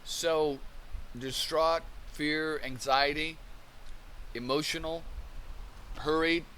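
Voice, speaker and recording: Man, bright tone, casual commentary, reads aloud, restarts often, faint hiss. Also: on the high side, fairly even intonation, takes it slowly. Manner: thinks aloud, rereads definitions, many restarts. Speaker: channel host.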